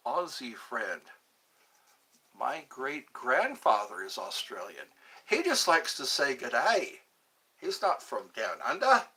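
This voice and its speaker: Livestream host, man, lively sing-song delivery, unhurried, trips over his words. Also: mid-range voice, slightly rough. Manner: chatty, animated, stumbles and repeats words. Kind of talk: casual live-stream chat reading viewer comments.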